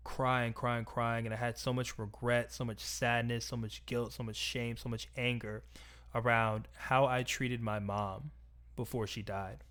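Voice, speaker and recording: A young man telling a personal story in a reflective, earnest, soft-spoken way. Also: medium pitch, little pitch movement, unhurried, clear, resonant tone.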